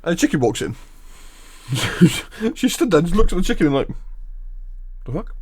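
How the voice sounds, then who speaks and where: A man's voice: high-pitched, big pitch swings, fairly quick. A man co-hosting a podcast, telling long jokes in a rambling way and giggling at them. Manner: rambling storyteller, giggles at his own jokes. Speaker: podcast co-host. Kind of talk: casual chat, telling jokes.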